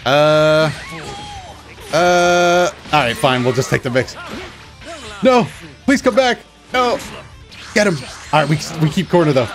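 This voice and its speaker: A man giving excited, self-mocking commentary over his own fighting-game matches, groaning at losses and cheering at wins. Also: on the high side, a little slow, pauses often. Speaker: gaming channel host. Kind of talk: live gameplay commentary. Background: game music and sound effects.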